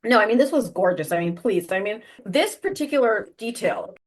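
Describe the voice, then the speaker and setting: A woman co-hosting a casual book podcast, chatty, full of "like", quick to laugh. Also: medium pitch, animated. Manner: chatty, lots of "like", laughs easily. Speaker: podcast co-host. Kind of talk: casual book-club chat.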